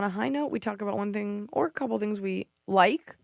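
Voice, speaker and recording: A woman hosts a casual comedy podcast, swinging into animated stories and acting out what people said. Her voice sits at a middling pitch. The sound is close and dry, with no room echo. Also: fairly quick, vocal fry. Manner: animated storytelling, acts out quotes, swears freely. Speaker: podcast host.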